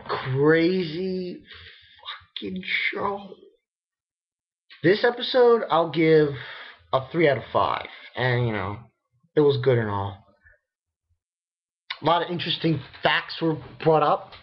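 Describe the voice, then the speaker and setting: A young man reviewing an anime episode in a casual, rambling rant, cursing freely and breaking into shrill disbelief. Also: slow pace, long pauses, dull audio. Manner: excitable and profane, rambling, jumps into shrill disbelief.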